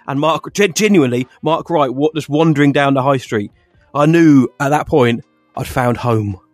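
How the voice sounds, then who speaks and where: A man's voice: mid-range voice, moderate pace, no room sound, soft background music. A young English man co-hosting a podcast, with jokey, theatrical patter. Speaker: podcast co-host. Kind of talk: casual chat.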